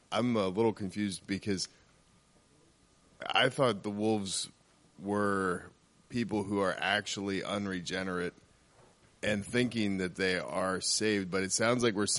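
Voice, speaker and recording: A man's voice: low voice, a bit bright. A man from the group asking a question in a hesitant, apologetic way.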